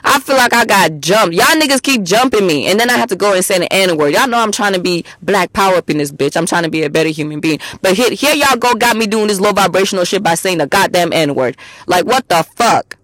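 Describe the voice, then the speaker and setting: A woman's voice: expressive, fairly quick, no echo. Blunt, profane woman podcaster. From immigrant to the US. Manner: profane, blunt and emphatic, swinging between loud outbursts and low asides. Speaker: podcast host. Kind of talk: solo podcast monologue.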